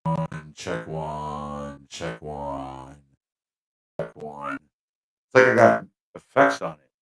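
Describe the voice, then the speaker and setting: A man's voice: very deep voice, drawn-out words, creaky. A man hosting a casual livestream, chatting in a rambling way and laughing at himself. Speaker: livestream host. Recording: echoey mic with faint music.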